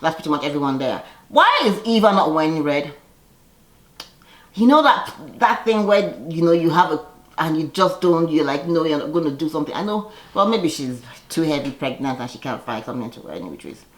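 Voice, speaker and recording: A woman's voice: sits low, sing-song, moderate pace, roomy sound. A woman casually recapping a reality TV episode, chatty and sassy, laughing often and acting out quoted lines.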